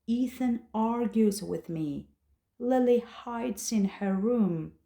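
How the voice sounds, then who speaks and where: A woman slowly narrating a first-person story for English learners, with a deliberate storytelling manner. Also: medium pitch, creaky, warm tone, roomy sound.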